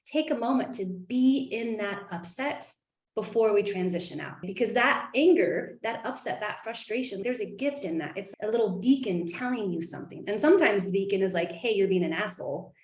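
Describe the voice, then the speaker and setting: Woman life coach, earnest and animated on a group call, mid pitch, echoey room sound. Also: normal speed. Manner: earnest, animated, acts out inner voices.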